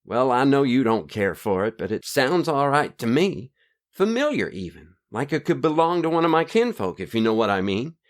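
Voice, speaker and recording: A man's voice: medium pitch, very animated, moderate pace, lightly acted. An actor playing a folksy human man in an audio drama, who speaks in homespun sayings. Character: folksy human man, Curdy, fond of his dad's sayings.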